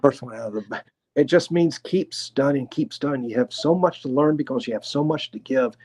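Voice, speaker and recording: A man with a Tennessee accent doing a live clairvoyant reading, talking in an unhurried, chatty way and hedging his guesses. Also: medium pitch, a little mellow, breathy edge. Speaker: clairvoyant medium.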